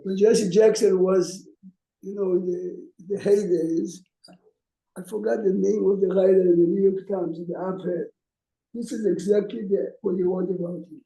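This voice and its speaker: A man's voice: sits high, fairly even intonation, normal speed, vocal fry, dark tone. A man teaching a class as a rabbi, telling stories in a conversational way and asking his listeners questions. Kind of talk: informal lecture with storytelling. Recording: echoey room.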